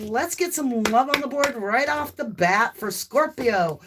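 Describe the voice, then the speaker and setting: Southern lady doing a live tarot stream, chatty, laughs a lot, whoops loud, little bit of hiss. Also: a little high, measured pace. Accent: light Southern US. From American South. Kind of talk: casual live-stream chat.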